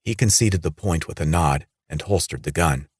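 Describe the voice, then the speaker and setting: A man narrating a horror audiobook in a steady, even read. His voice is deep and low. The recording is close and dry, with no room around it. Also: moderate pace, breathy edge, no room sound.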